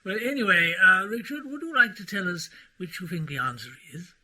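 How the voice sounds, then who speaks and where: A theatrical, fussy quiz host in a radio comedy. His voice is high and very bright. His pitch swoops up and down. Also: big pitch swings, fairly quick, full character voice. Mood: flustered. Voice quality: pompous, theatrical.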